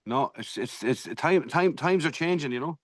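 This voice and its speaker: A man's voice: on the high side, expressive, moderate pace, no echo. An Irish man co-hosting a podcast, chatting casually, swearing freely and telling stories with energy. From Ireland. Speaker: podcast co-host, martial arts black belt. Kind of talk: casual chat.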